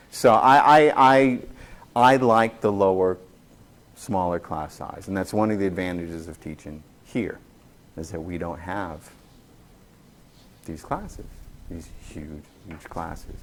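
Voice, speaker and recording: A man who teaches college, telling classroom stories to colleagues in an animated way, acting out quotes and often restarting his sentences. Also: deep voice, slow pace, pauses often, a little hiss or hum. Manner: animated storyteller, acts out quotes, many restarts. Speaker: college instructor. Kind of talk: faculty talk with anecdotes.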